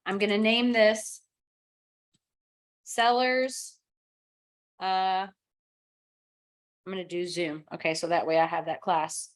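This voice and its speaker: A middle-aged woman coaching real estate agents through software on a screen recording. She narrates every click in a plain mid-range voice, moving from one step to the next and now and then acting out the texts a client might send. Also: mid-range voice, fairly even intonation, takes it slowly, pauses often. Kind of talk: screen-share software tutorial.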